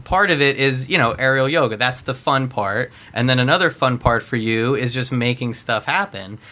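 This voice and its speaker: A man's voice: medium pitch, animated, moderate pace, bright, forceful tone. A man hosting a podcast, asking playful, joking questions. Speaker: podcast host. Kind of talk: casual podcast interview.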